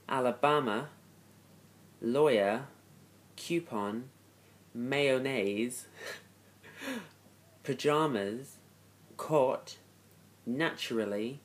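A young man from London with a London accent, reading a word list in a casual, offhand, deadpan vlog. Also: medium pitch. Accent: London English. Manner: offhand, deadpan, self-deprecating. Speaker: vlogger. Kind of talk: casual talking-head vlog.

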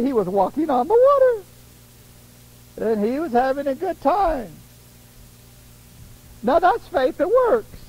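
Animated gravelly-voiced male preacher. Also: very high voice, low-quality recording. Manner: animated, laughs often, acts out quoted voices. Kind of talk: sermon.

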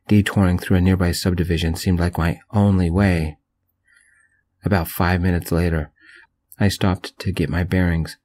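A man reading a first-person romance story aloud in a soft-spoken ASMR narration style, gentle and unhurried. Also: sits low.

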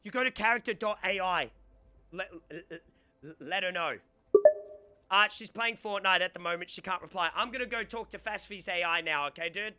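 A young man streaming casually, excitable and prone to stammering and restarting words. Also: high voice, a little fast, clear, resonant tone. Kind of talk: casual live-stream chat.

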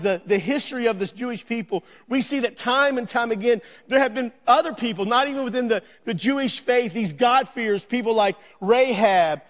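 High-pitched pastor guy preaching, earnest, repeats himself for emphasis, echoey church hall. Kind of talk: sermon.

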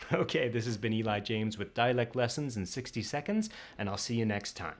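A man hosting a short comedic dialect lesson, brisk, jokey and instructional. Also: mid-range voice, lively intonation, a little hiss or hum. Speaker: comedic dialect coach and host. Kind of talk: comedic web sketch.

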